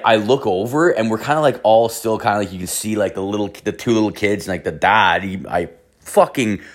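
A man in his thirties telling a rambling story, swearing constantly and filling it with "like". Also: on the low side. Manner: rambling, profane, filler-heavy storytelling. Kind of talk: casual anecdote.

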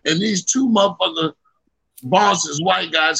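A podcast co-host speaks in a high, lively register with a husky, bright edge. He tells profane stories in an animated, excitable rush, mid casual chat. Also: moderate pace, low-quality recording.

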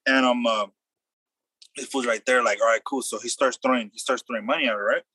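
A young man telling a wild story in loose, slangy casual chat, acting out the quotes loudly. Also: mid-range voice, steady tone, a little fast, breathy edge, no room sound.

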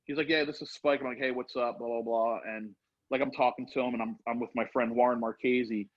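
Middle-aged male storyteller, husky, rambling and animated, muffled lo-fi audio. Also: mid-range voice, brisk. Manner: rambling, animated, acts out quotes. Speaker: storyteller guest. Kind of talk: casual storytelling. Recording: dull lo-fi sound.

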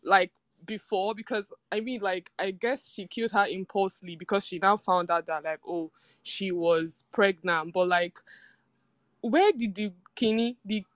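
Mid-pitched woman, rambling and puzzled, casual chat, dry close mic. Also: moderate pace, dry recording. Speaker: podcast panelist.

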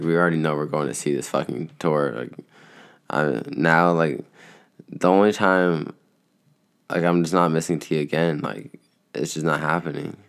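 A young vlogger with an extremely low, vocal-fry-heavy voice chats in a laid-back, rambling, profane way. He sounds tired and yawns along the way.

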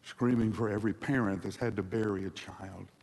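A man preaching a sermon dramatically, moving between hushed passages and loud ones, in a large hall. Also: on the low side, fairly even intonation, a little fast, gravelly. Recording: long hall reverb.

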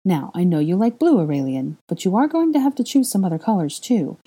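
A woman's voice: fairly low pitch, big pitch swings, brisk, warm tone, husky. A woman voicing an earnest young witch and new mother who sounds a bit weary as she explains.

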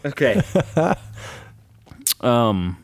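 A man's voice: medium pitch, very animated, very slow, no echo. A man co-hosting a casual podcast, speaking hesitantly with many fillers and nervous laughs. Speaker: podcast co-host.

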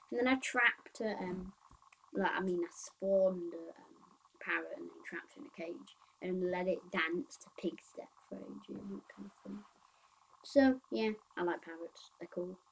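A woman's voice: medium pitch, gravelly, slight background noise, poor audio. A woman hosting a casual solo podcast, rambling and thinking aloud as she reads out game update notes. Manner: thinks aloud with pauses and restarts. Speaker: podcast host.

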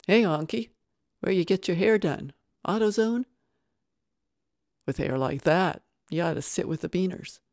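A narrator voicing jeering male jail inmates who mock a newcomer loudly. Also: mid-range voice, expressive, measured pace, pauses often, no room sound, studio quality, pitched above the performer's own voice. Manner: mocking, loud.

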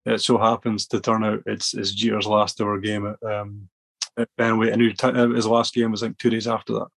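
A man's voice: lowish voice, flat delivery, fairly quick, vocal fry. A man from Scotland, a podcast guest telling rambling stories with many restarts. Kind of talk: casual storytelling.

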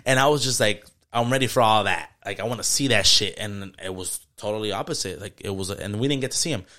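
Fast-talking man swearing through a story. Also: lowish voice, pushed and bright. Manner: storytelling with heavy swearing and slang. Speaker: podcast co-host. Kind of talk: casual chat.

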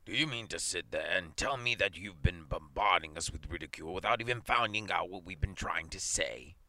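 A man reading aloud, voicing an aged, stern male astronomer in a gruff, hushed voice. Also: low voice, animated, a little fast, slight background noise. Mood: grim.

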